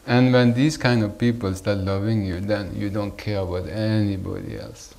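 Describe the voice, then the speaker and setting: A man giving a spiritual talk as a teacher, unhurried and playful, chuckling often. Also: on the low side, creaky, darkish tone, slight background noise.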